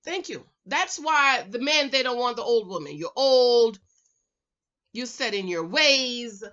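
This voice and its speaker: A woman from the Caribbean islands chatting casually as a reviewer, reading viewer comments aloud in a loud, playful way, recorded on a camera mic without a microphone. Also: on the high side, a little slow. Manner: animated, loud, laughs often, playful. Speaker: YouTube reality-show reviewer. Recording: dull lo-fi camera audio.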